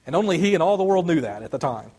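A man's voice: a little high, big pitch swings, rapid-fire, warm tone, husky. A male pastor preaching a sermon and reading a story aloud, earnest and sometimes restarting words.

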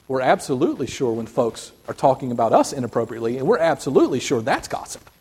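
A man preaching a sermon, animated, acting out the voices of biblical figures as he goes. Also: mid-range voice, quick pace, breathy edge. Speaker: pastor.

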